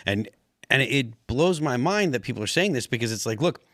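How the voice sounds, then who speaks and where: A man's voice: mid-range voice, expressive, normal speed, a bit bright, dry recording, studio quality. A man on a political talk panel, explaining his point earnestly and at length. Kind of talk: political talk show discussion.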